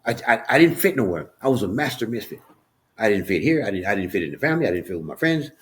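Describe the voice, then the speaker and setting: Deep-voiced man telling his story, halting. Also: sing-song. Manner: halting, many restarts and repeated words; earnest and emotional. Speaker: author and podcast guest. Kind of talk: candid personal storytelling in an interview.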